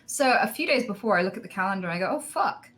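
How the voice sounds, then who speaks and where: Woman in her 30s chatting, tells a long story, lively, does little voices. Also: mid-range voice, rapid-fire, faint music behind. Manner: animated, acts out voices in quotes. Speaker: streamer telling a story. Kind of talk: casual storytelling chat.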